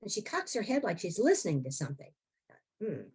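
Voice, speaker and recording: A woman's voice: mid-range voice, huge pitch swings, fast, darkish tone, slightly rough. A woman in her sixties, a podcast guest telling her own story in a wry, blunt way with frequent laughs. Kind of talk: candid personal storytelling.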